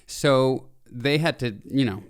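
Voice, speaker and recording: A man in his thirties co-hosts a casual podcast chat with a smooth, resonant voice at a middle pitch. He talks in animated bursts, laughs often and circles back to restart his thoughts. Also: slow pace. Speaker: podcast co-host.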